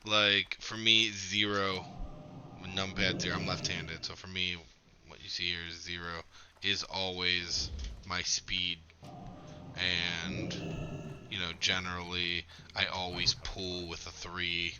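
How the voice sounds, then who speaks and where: A man's voice: sits low, level tone, slow, background noise. A man streaming a game, chatting casually and swearing freely as he explains his setup at length. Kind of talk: casual gameplay chat.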